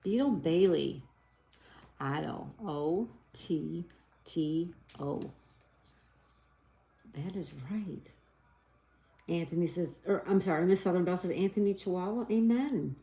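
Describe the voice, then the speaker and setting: Speaking slowly with frequent pauses, this middle-aged livestream host has a mellow, lowish voice. She keeps things cheerful and chatty, reading out comments from viewers and spelling crossword answers letter by letter, and says sorry when she makes a mistake.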